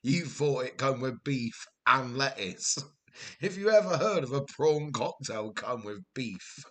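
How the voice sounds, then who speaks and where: A man's voice: mid-range voice, lively intonation, measured pace, a bit bright. A man with a Welsh accent hosting a live game stream, chatting casually, laughing often and telling rambling family stories. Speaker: livestream host. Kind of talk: casual livestream chat.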